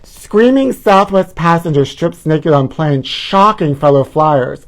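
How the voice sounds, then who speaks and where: A man's voice: on the high side, lively intonation, measured pace, slight background noise. A man hosting a campy celebrity gossip livestream, calling everyone honey and laughing at his own jokes. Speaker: host.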